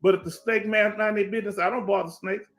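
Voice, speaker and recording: A man's voice: sits high, fairly even intonation, fast, a bit bright. A middle-aged veteran man with a Houston accent, hosting a casual livestream, reading chat and talking emphatically with lots of repetition. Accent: Houston Black American English. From Houston, Texas. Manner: streetwise, emphatic, repeats himself, asks "you understand?". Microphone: headset.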